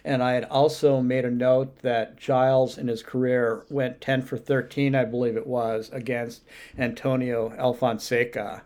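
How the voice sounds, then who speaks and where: A man hosting an interview, asking a question in a measured, conversational way. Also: medium pitch, flat delivery, darkish tone. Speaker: interview host.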